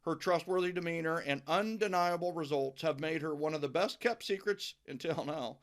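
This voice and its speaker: A man's voice: a little high, normal speed. Emphatic man hosting a podcast. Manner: emphatic, repeats words when starting sentences. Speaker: podcast host. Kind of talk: enthusiastic interview chat.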